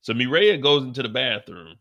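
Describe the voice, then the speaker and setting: A man hosting a live after-show, recapping a TV episode with animated, profane storytelling. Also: mid-range voice, brisk, muffled recording. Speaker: host.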